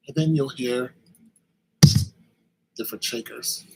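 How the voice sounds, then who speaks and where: A man's voice: mid-range voice, expressive, normal speed, background noise. A man making a track and thinking aloud as he works, casual and self-critical, with slang. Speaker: music producer. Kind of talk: casual tutorial commentary. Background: music playing.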